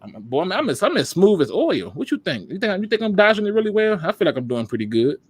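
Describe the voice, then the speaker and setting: A man hosting a casual live stream, joking and reacting loudly to the chat. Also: sits high, big pitch swings, quick pace, noisy background. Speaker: podcast host.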